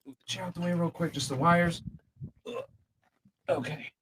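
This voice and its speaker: A man's voice: fairly high pitch, steady tone, normal speed, a bit bright, slight background noise. A man hosting a podcast, loose and joking as he directs the set-up, on a studio mic. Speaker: podcast host. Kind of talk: casual podcast banter. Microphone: studio microphone.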